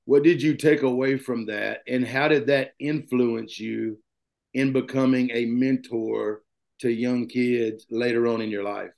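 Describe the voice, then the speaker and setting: Gravelly-voiced podcast host. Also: male voice, mid-range voice, fairly even intonation, unhurried, darkish tone. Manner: casual, rambling with fillers. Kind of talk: interview questions.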